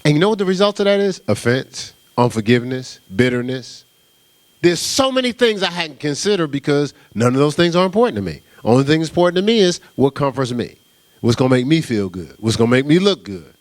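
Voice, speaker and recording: This middle-aged pastor from New Jersey preaches in a slightly high voice, fairly quickly, with no echo. His stories are animated and told casually and conversationally, with "right?" cropping up repeatedly.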